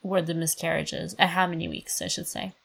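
A woman's voice: lowish voice, flat delivery, brisk, vocal fry, fairly bright tone. A woman hosting a podcast who talks casually and asks careful, curious questions. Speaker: podcast host. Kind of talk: casual conversation.

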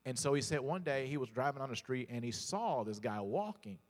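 A man's voice: medium pitch, expressive, a little fast, big-room sound. A male pastor preaching a sermon, telling stories, often repeating words and calling out to the congregation.

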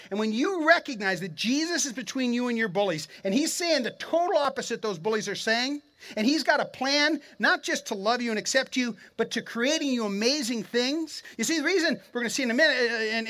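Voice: medium pitch, pushed and bright. A pastor preaching an earnest, encouraging sermon in a mid-range voice. The delivery is conversational and direct, aimed straight at the listeners, with frequent repeated words as thoughts restart. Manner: encouraging, addresses the congregation directly.

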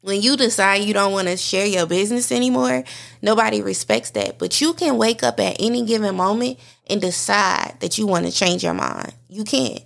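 An adult mother hosts a podcast, speaking to her listeners directly in a heartfelt, candid personal monologue. Her mid-range voice is fairly bright and carries vocal fry.

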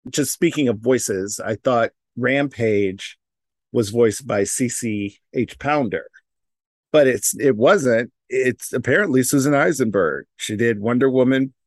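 A man's voice: mid-range voice, measured pace, no room sound, clean studio sound. A man co-hosting a casual podcast chat, hesitant, with frequent restarts. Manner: hesitant, many restarts and fillers. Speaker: podcast co-host.

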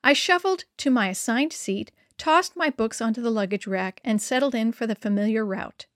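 A woman reading a first-person story aloud in a lively, expressive storytelling manner. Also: fairly high pitch, normal speed, no echo, clean studio sound.

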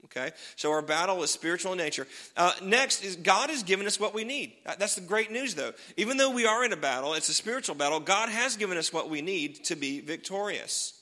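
Bright-voiced pastor preaching in a hall. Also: male voice, high-pitched, expressive, fairly quick, few pauses. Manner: conversational, self-deprecating, laughs often. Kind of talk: sermon.

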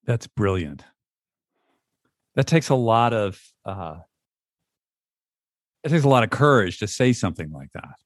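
Host guy talking slow and thoughtful, dry mic. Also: fairly low pitch, very animated, no echo. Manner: slow, reflective, appreciative. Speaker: podcast host. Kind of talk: podcast interview.

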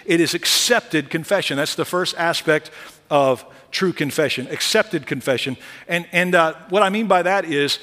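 Male pastor, sermon, punchy and high-ish, conversational with jokes, long church reverb. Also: moderate pace. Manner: lively, conversational preaching with humorous asides. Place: large church sanctuary. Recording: long reverb of a large hall.

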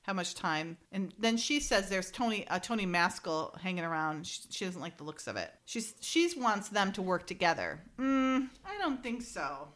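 A woman co-hosting a casual chat, animated, often laughing and acting out dialogue. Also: medium pitch, normal speed, hardly any pauses. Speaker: podcast co-host recapping an episode.

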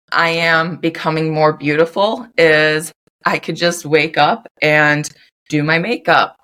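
A young woman with a notably low, deep voice hosts her solo podcast. She talks in a loose, off-the-cuff way, dropping "like" into nearly every sentence. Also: fairly bright tone. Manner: loose and unscripted, heavy use of "like" fillers. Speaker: podcast host. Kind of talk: casual solo podcast chat.

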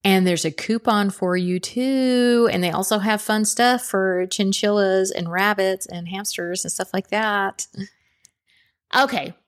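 A woman's voice: medium pitch, fairly even intonation, unhurried. A woman hosting her own podcast, talking casually and chattily, often laughing and checking in with "okay?". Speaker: podcast host. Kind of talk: casual solo podcast talk.

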